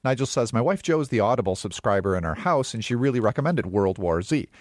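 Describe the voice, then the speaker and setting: A man co-hosting a film podcast, talking in a relaxed, conversational way and reading ads. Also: mid-range voice, fast talker, dry recording, studio quality. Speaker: podcast co-host. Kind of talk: casual film talk and ad reads.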